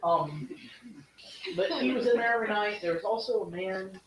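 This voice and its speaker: A woman's voice: medium pitch, moderate pace, recorded from a distance, crowd noise. A woman telling travel stories to a group in a chatty, casual way, full of fillers. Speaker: student speaker sharing travel stories. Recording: echoey room, faint hiss.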